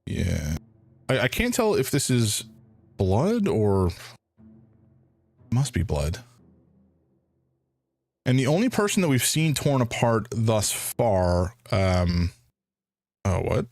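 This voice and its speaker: A man with a lowish, lively voice talks through a game live, hesitant and thinking aloud. The sound is dry and close, with faint music underneath. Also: slow pace, vocal fry, pauses often, no room sound. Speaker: streamer.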